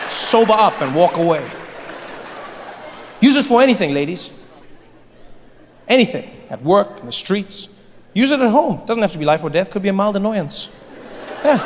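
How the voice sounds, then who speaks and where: A man doing a stand-up comedy set on a large theater stage, telling his story in an animated way, with sudden drops and jumps in his voice. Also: high voice, slight background noise. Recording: live show in a reverberant hall.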